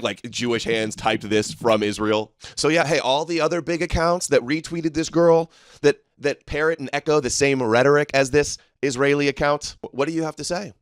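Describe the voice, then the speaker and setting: A man's voice: medium pitch, steady tone, a little fast, clear, resonant tone, no echo, studio quality. A man hosting a livestream, ranting in a combative, sarcastic and mocking way as he reads through posts and answers viewers. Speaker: livestream host.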